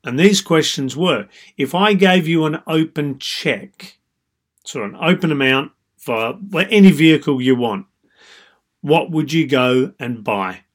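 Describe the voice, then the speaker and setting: A man who works as a dating coach, giving calm, explanatory advice in a monologue with frequent "so" and "you know". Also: on the high side, a little slow.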